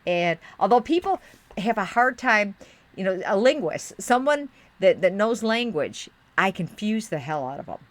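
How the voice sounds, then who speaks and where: This woman's medium-pitched voice is very animated at a moderate pace, with no echo. Middle-aged and from Western New York with a Midwestern tinge to her accent, she chats with live-stream viewers as she crafts, muttering and rambling as she hunts around.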